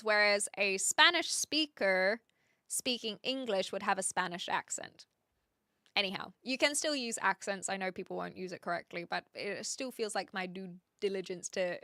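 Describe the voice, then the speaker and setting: A woman's voice: medium pitch, bright, forceful tone, dry recording, clean studio sound. A young woman from New Zealand with a Kiwi accent, chatting casually with her live-stream viewers and reading out their comments, with lots of fillers. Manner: chatty, reads chat aloud, many fillers.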